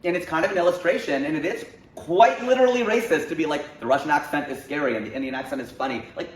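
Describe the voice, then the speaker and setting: A man in his forties, a comedian guest, talking in a casual interview with a lively, joking, argumentative manner. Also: on the high side, fast. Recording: roomy echo, faint noise.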